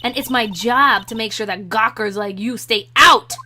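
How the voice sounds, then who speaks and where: A woman's voice: fairly high pitch, moderate pace, bright, forceful tone, slight background noise. A woman voicing a bossy old female security guard who scolds and grumbles about young people, with game music behind her. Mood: scolding.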